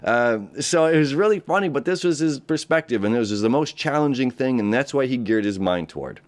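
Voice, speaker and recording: A man's voice: mid-range voice, animated, fairly quick. A man, hosting a casual astrology talk, rambling and repeating himself, and often laughing. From United States. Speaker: astrology host. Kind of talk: casual spoken horoscope talk. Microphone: camera setup.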